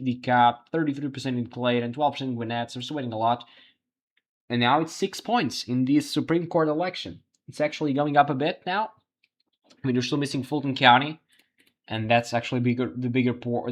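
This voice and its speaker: A livestream host, a man with a mid-range voice, gives running commentary on live election results. His delivery is halting, as he thinks aloud and keeps restarting.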